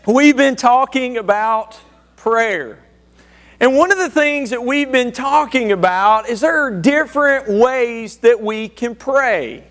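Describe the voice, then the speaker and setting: Man, pastor, sermon, folksy storytelling, very high voice. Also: slow pace, a bit bright. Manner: folksy storytelling, calls out to the congregation.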